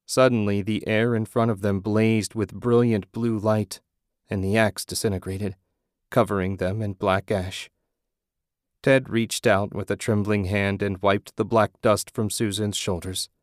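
Low-voiced male audiobook narrator. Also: flat delivery, unhurried, dry recording, studio quality. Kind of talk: scripted narration.

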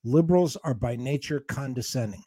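A male talk show co-host in a heated on-air argument, defensive and combative, breaking into fast rants. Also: medium pitch, dark tone, no room sound.

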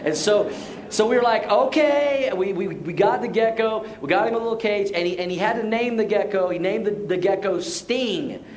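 A middle-aged man preaching a sermon, telling stories with restarts and dropping soft and low for serious points. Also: fairly quick, slight background noise. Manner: storytelling, repeats words as he restarts. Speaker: pastor.

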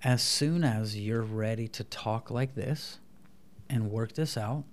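A man as a podcast guest, talking through his ideas in an animated way and acting out the voices of kids and a dad. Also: medium pitch, slow. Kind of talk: conversational interview, explaining parenting.

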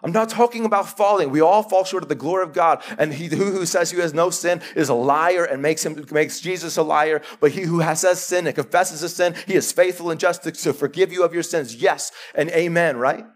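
A man's voice: fairly high pitch, a little fast, few pauses. A man preaching a live sermon as a pastor, emphatic and repeating key words for force.

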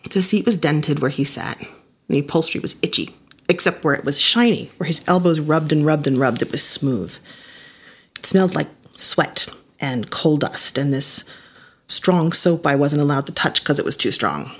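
A woman tells a family story in the first person, her delivery intimate and reflective. Her voice is on the low side with a husky, slightly breathy texture. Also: lively intonation, normal speed.

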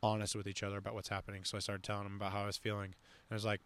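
Low-voiced young man, rambling podcast host. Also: monotone, rapid-fire, few pauses, fairly bright tone. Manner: rambling, many fillers and restarts. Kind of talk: casual conversation.

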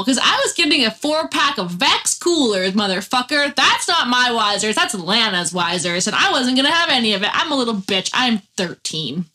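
A young woman casually telling a personal story, animated and swearing freely. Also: on the high side. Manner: animated, heavy swearing, laughs mid-story.

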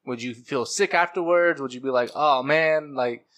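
A man chatting on a casual podcast. He rambles, stumbles, and restarts his sentences, trailing into fillers, with a bright, sharp edge to his voice. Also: mid-range voice, moderate pace. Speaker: podcast co-host.

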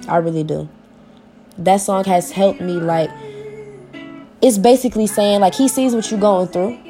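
A woman's voice: medium pitch, steady tone, moderate pace, warm tone, faint music behind. A young woman, talking to her viewers in a personal vlog, heartfelt and informal, often repeating herself as she searches for words, close to tears at times.

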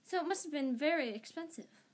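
A woman's voice: high voice, expressive, fairly quick, voice pushed up. A woman voicing a serious, worried teenage girl witch in an amateur audiobook reading, speaking in an earnest, questioning way.

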